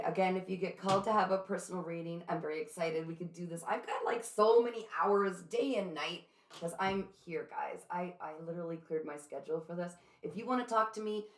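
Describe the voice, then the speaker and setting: A woman giving a spiritual reader's pep talk straight to her viewers, excited and encouraging, often checking in with "okay?". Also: fairly low pitch. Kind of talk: direct-to-camera pep talk. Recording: roomy echo.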